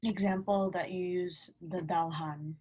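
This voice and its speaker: A woman's voice: fairly low pitch, fairly even intonation, a little slow, a little mellow, a little hiss or hum, rough recording. A woman student in a one-on-one language lesson over a video call, hesitantly repeating words after her tutor.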